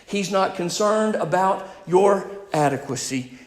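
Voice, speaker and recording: High-voiced preacher in an echoey hall. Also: male voice, unhurried. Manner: emphatic, rising and falling in volume, speaks directly to the congregation. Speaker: pastor. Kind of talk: sermon.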